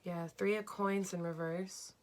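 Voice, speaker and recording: A young woman reading tarot cards for her viewers at home, slow and dreamy but enthusiastic, with lots of "like"s. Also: on the low side, fairly even intonation, darkish tone. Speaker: tarot card reader. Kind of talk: pick-a-card tarot reading.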